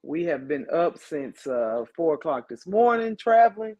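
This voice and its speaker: A man's voice: a little high, very animated, darkish tone, highs cut off. A man hosting a live podcast in a loose, joking way, tired after a long day. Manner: loose, joking, drawn-out greetings. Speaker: podcast host. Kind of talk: casual live podcast chat.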